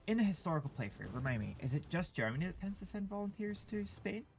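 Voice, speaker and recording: Scottish female game dev, chatty co-host, animated, some vocal fry, faint hiss behind. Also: on the low side. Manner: upbeat, quick reactions and agreement. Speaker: game developer. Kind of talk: casual livestream gameplay chat.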